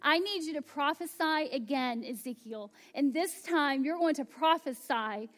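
A woman pastor in her thirties preaching a sermon, slow and emphatic, dropping to hushed asides. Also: high voice.

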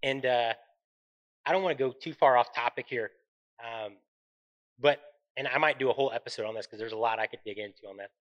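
A man's voice: medium pitch, fairly quick, long pauses, fairly bright tone, muffled recording. A man in his thirties hosting a faith-based motivational podcast, speaking in an earnest, encouraging way and often checking in with "right?". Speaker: podcast host.

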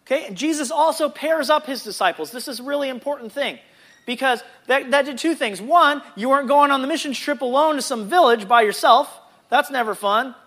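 High, bright-voiced Bible teacher. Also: male voice, a little fast. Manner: chatty, animated, jokey asides. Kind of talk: casual Bible lesson.

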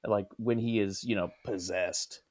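A man's voice: fairly low pitch, fairly even intonation, a little slow, a little mellow. A man in casual chat, giving his opinions in a loose, rambling way.

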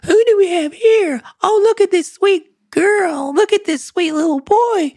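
A man's voice: measured pace, a little mellow, dry recording, clean studio sound. A man putting on the voice of a gushing veterinary staffer who coos baby talk at a nervous dog in a sing-song voice. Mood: cooing. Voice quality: high-pitched sing-song cooing.

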